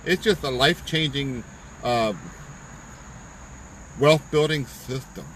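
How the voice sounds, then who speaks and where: A man's voice: medium pitch, takes it slowly, fairly bright tone, slight background noise, rough recording. Fervent man giving a live-stream pep talk. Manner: fervent, preachy, emphatic repetition. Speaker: business promoter on live stream. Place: parked car at a park outdoors.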